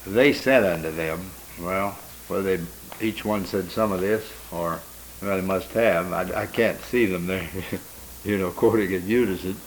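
A man leading a Bible study, talking through scripture in a rambling, unhurried way with many restarts and fillers. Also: low voice, steady tone, a little hiss or hum, low-quality recording. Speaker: Bible teacher.

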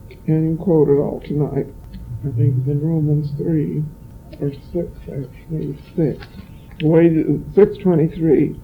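A man leading a Bible study, reading scripture slowly and stopping with many halts and restarts to explain what names mean. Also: fairly high pitch, level tone, vocal fry. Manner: slow, halting, explains word meanings between verses. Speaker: preacher. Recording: tinny phone-like recording.

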